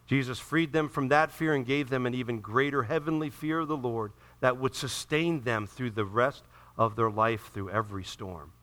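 With a mid-range voice at a moderate pace, a man delivers a sermon to a congregation as pastor. He moves from calm instruction into loud, passionate preaching, voicing characters from the scripture himself.

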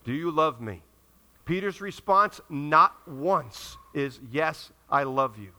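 Bright, high-pitched male preacher. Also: animated, slow. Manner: emphatic preaching, acts out quoted dialogue. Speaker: pastor. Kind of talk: sermon.

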